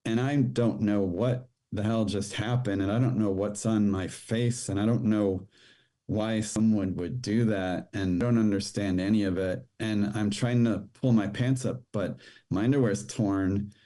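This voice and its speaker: A man speaking as a podcast guest, giving a personal testimony in plain, halting storytelling with fillers. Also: on the low side, fairly even intonation, warm tone.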